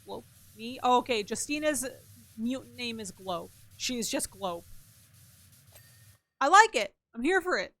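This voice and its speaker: A young woman streamer chatting casually with her stream chat while gaming, animated, laughing often, and reading messages aloud between loud outbursts and quiet mumbles. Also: on the high side, normal speed, no room sound.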